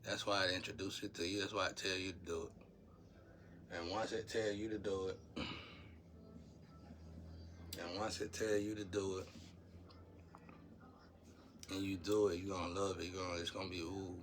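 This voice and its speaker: A man's voice: low voice, little pitch movement, normal speed, pauses often, a bit bright, slight background noise. A man, talking to his viewers in a rambling, preachy monologue about spiritual matters.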